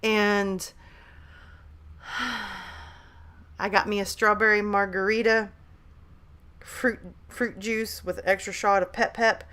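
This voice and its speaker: A woman's voice: medium pitch, little pitch movement, slow pace, long pauses, pushed and bright, clear, resonant tone. A woman, chatting casually on a live stream at home, hyper and talkative as she reads out messages from chat. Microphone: desk microphone at a laptop.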